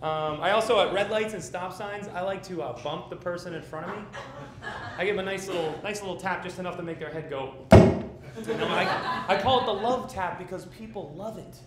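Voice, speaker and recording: A man doing stand-up in a small theater, telling absurd stories in a rambling, halting, deadpan way. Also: high-pitched, very noisy. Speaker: stand-up comedian. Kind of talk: live stand-up set. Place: small theater stage before a live audience. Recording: echoey theater with audience laughter.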